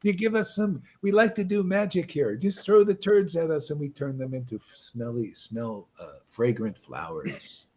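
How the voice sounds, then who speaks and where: A man with a husky, slightly breathy voice leads a meditation talk, swinging his pitch widely as he jokes. He rambles casually and often breaks into laughter at his own lines. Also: expressive, normal speed, hardly any pauses, darkish tone. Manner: loose, joking and rambling, with frequent "man" and "you know". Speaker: spiritual teacher leading a meditation session. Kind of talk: casual spiritual talk on a livestream.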